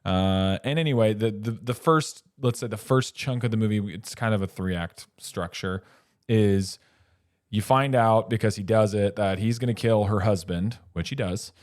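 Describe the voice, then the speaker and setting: Guy on a movie podcast, lowish voice, rambles and restarts a lot, dry close mic. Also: normal speed, darkish tone, no echo. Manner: rambling, self-interrupting, chuckling asides. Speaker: podcast co-host. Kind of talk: casual film discussion.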